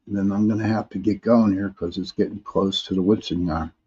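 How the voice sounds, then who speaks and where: A man's voice: fairly low pitch, fairly even intonation, fairly quick, darkish tone, husky, muffled recording. A man hosting a live paranormal talk stream, reading viewer comments in a rambling way, often restarting and repeating words.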